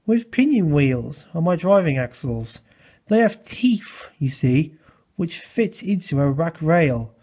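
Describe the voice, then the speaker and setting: A man voicing a calm, modest old mountain engine in a storybook, with a slow, husky voice. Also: on the high side, exaggerated voice. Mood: friendly.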